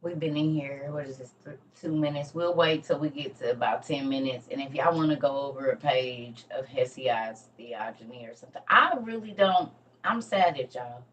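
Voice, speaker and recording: Low-voiced lady rambling on a livestream, sitting back from the mic, bit of faint noise. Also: normal speed, a bit bright, far from the mic, highs cut off. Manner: chatty, rambling, folksy. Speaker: livestream host and teacher. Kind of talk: casual livestream teaching.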